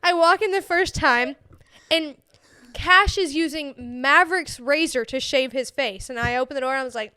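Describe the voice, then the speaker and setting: A woman's voice: sits high, moderate pace. A young woman co-hosting a podcast, telling stories in casual chat with lots of giggling. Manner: giggly, animated storytelling. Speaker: podcast co-host.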